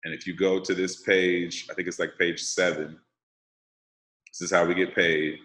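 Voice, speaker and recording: A man's voice: sits low, little pitch movement, moderate pace, fairly bright tone. A man leading an online sales training call, explaining casually and step by step while checking that the group follows. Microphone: video call. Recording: roomy echo.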